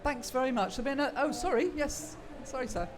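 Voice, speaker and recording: A woman's voice: sits high, animated, brisk, a crowd in the background. A woman chairing a seminar session, calling for audience questions with brief, polite prompts.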